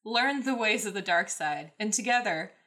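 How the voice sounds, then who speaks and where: A woman's voice: mid-range voice, lively intonation, moderate pace, sharp tone. A woman voicing a scheming old male villain chancellor, whining and pleading in a raised voice, then coaxing.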